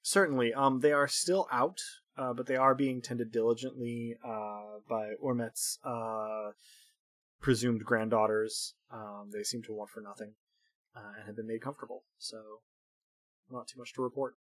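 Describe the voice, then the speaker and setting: A man narrating as game master of a tabletop game, unhurried and full of fillers and laughter. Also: medium pitch, fairly even intonation, a bit bright, no echo. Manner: unhurried, filler-heavy storytelling with frequent laughs.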